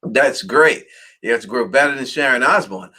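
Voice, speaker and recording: A man's voice: mid-range voice, lively intonation, normal speed, sharp tone. An American man hosting a casual livestream chat, laughing and swearing easily as he reads viewer messages. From United States. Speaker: podcast host.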